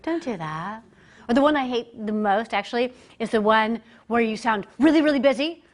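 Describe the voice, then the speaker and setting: A woman working as a communication coach, giving a lively, conversational business presentation to a group and acting out the voices she quotes. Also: on the high side, normal speed. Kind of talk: live business presentation to an audience. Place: presentation room, speaking standing before a group.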